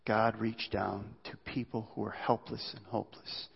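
Husky male pastor in a reverberant hall. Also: little pitch movement, moderate pace. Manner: earnest, pleading, often dropping to a hushed low voice. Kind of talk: sermon. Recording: dull sound in a reverberant hall.

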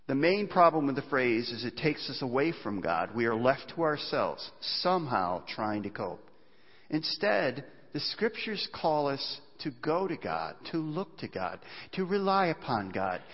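A man preaching a sermon as pastor, animated and often voicing cries of despair. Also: mid-range voice. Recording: dull sound, long reverb of a large hall.

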